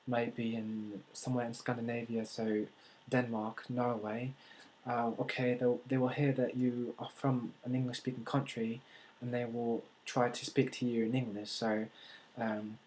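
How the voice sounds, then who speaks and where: Flat-voiced man in a put-on accent. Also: mid-range voice, slight background noise, rough recording. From United States. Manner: deliberately speaking in an unusual put-on accent; hesitant, with many fillers and restarts. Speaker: vlogger. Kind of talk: casual talk to camera.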